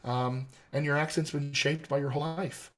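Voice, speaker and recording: A man's voice: a little high, steady tone, moderate pace, a bit bright, slight background noise. An American man, an accent coach, explaining his teaching method methodically in an interview. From United States. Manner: articulate, methodical, lecturing.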